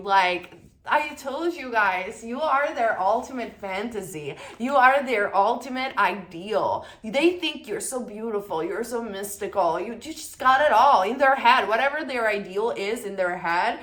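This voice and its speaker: A woman's voice: mid-range voice, expressive, moderate pace, fairly bright tone. Emphatic, chatty tarot reader woman. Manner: emphatic, self-assured and chatty, repeats lines for stress. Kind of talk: pick-a-card tarot reading.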